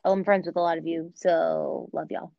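A woman's voice: on the low side, flat delivery, normal speed, gravelly, dry recording. Chatty American woman, dull dry sound. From United States. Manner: chatty, filler-heavy, laughs often. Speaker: podcast co-host. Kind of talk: casual chat.

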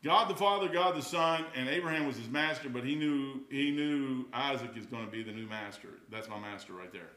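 A man preaching an informal sermon, folksy and conversational, rising loud and then dropping quiet. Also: mid-range voice, steady tone, fairly quick, few pauses.

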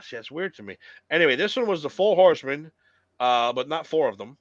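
A man's voice: on the high side, expressive, a little fast, no room sound. A man co-hosting a podcast, chatting casually and rambling about old wrestling matches, swearing freely. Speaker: podcast co-host. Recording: dull lo-fi sound.

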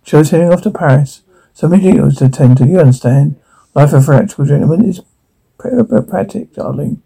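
A man's voice: on the high side, animated, brisk, vocal fry, dark tone, husky, exaggerated voice, rough recording. A man doing a boastful frontier showman. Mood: smooth. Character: boastful male frontier showman, swaggering, smooth.

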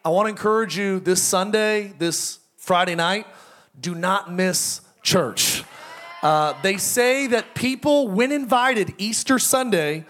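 Jet-lagged pastor joking with his congregation. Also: high-pitched. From United States. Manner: playful, self-mocking, swings to loud emphatic bursts. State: a little tired from jet lag. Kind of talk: joking church welcome and announcements. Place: church auditorium before a congregation.

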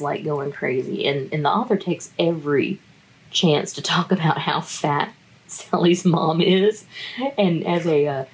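A woman's voice: low-pitched, vocal fry, a little hiss or hum, poor audio. A woman in a casual, wry book review chat who laughs often between her remarks.

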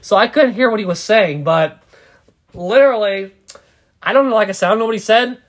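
A man's voice: sits high, fairly quick. A young man casually telling a rambling, profane story as a podcast co-host.

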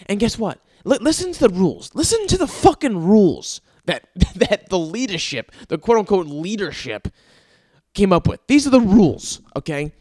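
A man's voice: on the high side, a little mellow, no room sound, studio quality. Ranting, swearing young man. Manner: profane, ranting, exasperated; laughs and sighs between rants. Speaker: podcast host. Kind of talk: casual comedic monologue.

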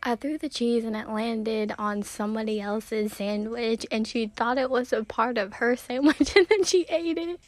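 A woman's voice: fairly high pitch, moderate pace, dry recording. Giggly young woman telling stories. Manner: giggly, rambling, laughs often mid-story. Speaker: vlogger. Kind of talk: casual storytelling vlog.

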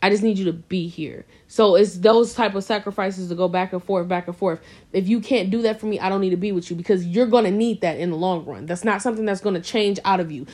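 A woman co-hosting a casual podcast chat, speaking earnestly and with emphasis. Her voice sits at an ordinary middle pitch. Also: quick pace, a little mellow. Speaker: podcast co-host.

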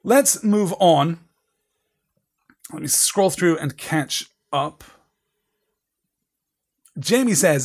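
A man's voice: on the high side, lively intonation, extremely slow, pauses often. A man leading a literature seminar, talking in a thoughtful, digressive way with restarts. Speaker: seminar leader.

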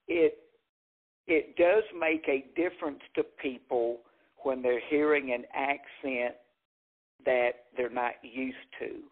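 Southern stand-up comedian, phone-like sound. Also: male voice, mid-range voice, slow. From Jackson, Mississippi. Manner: animated storyteller acting out quotes. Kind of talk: storytelling interview.

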